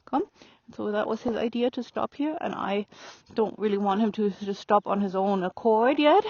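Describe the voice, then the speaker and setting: A woman riding a horse and calmly explaining her training as she goes, pausing to speak softly to the horse. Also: mid-range voice, slight background noise. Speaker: riding instructor. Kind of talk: narrating while riding. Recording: dry, dull lo-fi sound.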